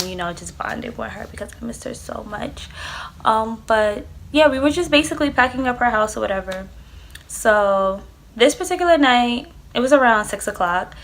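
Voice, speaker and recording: A young adult woman vlogger casually tells a personal story, chatty and loose, swearing freely and packing her speech with "like" and "um." Her voice is medium-pitched and a bit bright.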